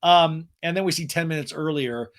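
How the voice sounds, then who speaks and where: A man's voice: fairly high pitch, moderate pace. A man hosting a podcast, giving a snarky, rambling comedic recap. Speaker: podcast host. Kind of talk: comedic recap of a reality show.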